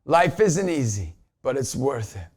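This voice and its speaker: A man's voice: mid-range voice, very animated, measured pace, slightly rough. A man in his forties, a Christian motivational speaker, giving an emphatic inspirational talk to camera in a conversational way. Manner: emphatic, repeats a catchphrase, conversational.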